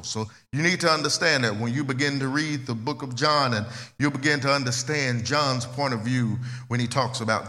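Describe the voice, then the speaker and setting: Male pastor, conversational sermon, high and bright, repeats himself, swings loud to hushed; reverberant church sound.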